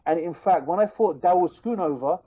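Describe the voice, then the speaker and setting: A man, a fighter, telling a heated story in casual podcast talk, animated and full of restarts. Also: sits high, moderate pace, husky, lo-fi sound. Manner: animated, fired-up retelling with many restarts.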